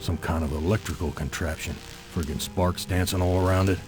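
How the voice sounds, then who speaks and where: An actor playing a weary older man trapped by a cruel machine, muttering in a gruff voice. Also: low voice, fairly even intonation, brisk, lightly acted. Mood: grumbling. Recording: game audio with loud music behind.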